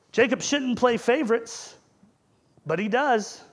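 A man's voice: high-pitched, animated, normal speed. A man preaching a sermon in a conversational way, asking the congregation rhetorical questions.

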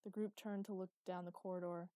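A woman narrating a science fiction audiobook in a steady storytelling manner. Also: lowish voice, fairly quick, no room sound. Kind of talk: scripted narration.

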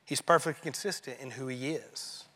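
A man preaching a sermon as pastor, emphatic and rising, then dropping to a hushed tone on key phrases. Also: medium pitch, moderate pace, long reverb tail.

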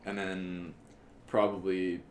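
A young man co-hosting a podcast, chatting casually with quick joking asides. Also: deep voice, flat delivery. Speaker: podcast co-host. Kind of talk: casual chat. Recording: echoey room with faint noise.

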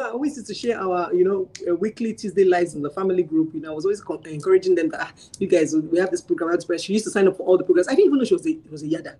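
Fast-talking, animated woman telling stories. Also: medium pitch, husky, poor audio. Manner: animated storyteller who acts out dialogue and laughs often. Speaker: guest sharing a parenting program experience. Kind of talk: casual testimonial chat.

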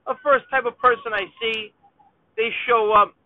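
A man rambles through a comic rant straight to the viewer from his car. His voice sits high, and he sounds chatty and exasperated. The recording is tinny and phone-like, with a dry, close sound. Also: fairly even intonation, normal speed, no echo. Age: 30s. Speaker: vlogger. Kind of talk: rambling comedic rant while driving.

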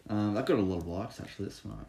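Low-voiced relaxed man. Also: rapid-fire, vocal fry, a crowd in the background. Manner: relaxed, hesitant with many ums. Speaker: podcast co-host. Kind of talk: casual chat.

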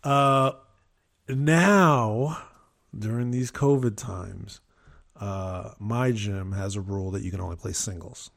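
A man in his fifties chatting casually on a podcast, telling rambling stories with animated asides. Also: on the low side, takes it slowly, gravelly. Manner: rambling, with frequent restarts and animated quoted asides. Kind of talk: casual storytelling chat.

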